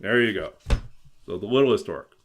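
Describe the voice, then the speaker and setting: A man reading his own children's story aloud in a gentle, expressive storytelling manner, then chatting casually with his stream viewers. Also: normal speed, a little hiss or hum. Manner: expressive, gentle storyteller who swings his pitch a lot.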